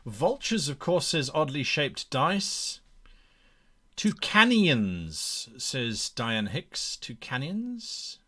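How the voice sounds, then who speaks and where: A man hosting a live stream as game master, reading viewer suggestions aloud and brainstorming in a playful, animated way. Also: mid-range voice, very slow.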